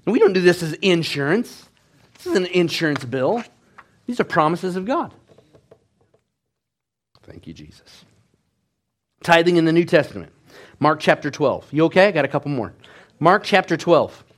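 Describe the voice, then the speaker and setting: A man preaching a sermon in a slightly higher than average voice. He tells his stories with animated energy, dropping to hushed tones and then rising loud. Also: brisk. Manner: animated storytelling, swings between hushed and loud. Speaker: pastor.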